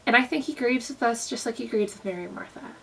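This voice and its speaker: A woman's voice: fairly high pitch, fast talker, vocal fry, fairly bright tone, recorded from a distance, slight background noise, low-quality recording. A young woman talking in a casual, earnest vlog style about faith, with plenty of fillers. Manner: earnest, conversational, many fillers. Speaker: Christian vlogger. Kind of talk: casual devotional vlog talk.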